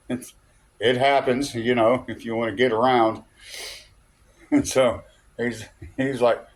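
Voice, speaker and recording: A man's voice: mid-range voice, flat delivery, slow. A man telling a rambling personal story, chuckling often and checking in with "okay?". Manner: chuckling, loose and digressive, peppered with "okay?" and "uh".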